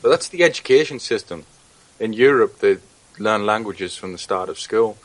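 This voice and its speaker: A man who is a guest on a talk show, speaking earnestly and haltingly, with frequent restarts. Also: fairly low pitch, animated, no room sound, rough recording.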